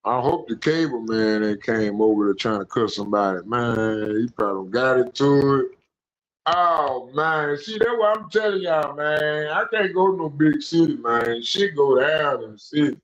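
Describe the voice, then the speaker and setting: A man's voice: medium pitch, moderate pace, a bit bright. A young man hosting a casual call-in stream, talking in loose, profane, preachy rants. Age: young adult. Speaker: stream host. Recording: echoey, dull lo-fi room sound.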